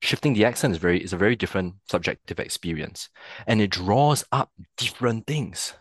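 A man with a deep, low voice explains his ideas as a podcast guest, thinking aloud and often checking in with the listener. He grew up in Singapore and talks in a reflective, conversational way. The recording is dry and close, with little room sound. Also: animated, brisk, breathy edge, dry recording. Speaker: podcast guest, theatre practitioner.

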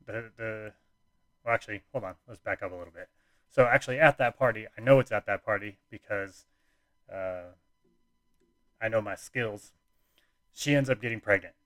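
A man's voice: on the low side, moderate pace, pauses often, a bit bright, dry recording. A young man casually telling a personal story, rambling with lots of fillers and restarts.

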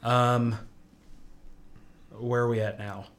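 A man casually recapping a TV show plot, rambling with lots of fillers and trailing off into quiet mumbles. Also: medium pitch, flat delivery, takes it slowly, slight background noise. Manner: rambling, filler-heavy, drops quiet when quoting characters.

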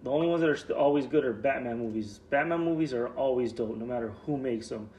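A man's voice: mid-range voice, quick pace, a little mellow, slight background noise. A man in his thirties chatting casually as a podcast host, loose and rambling, swearing a lot and saying "like" often. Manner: loose, profane and rambling, with many "like" fillers. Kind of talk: casual chat.

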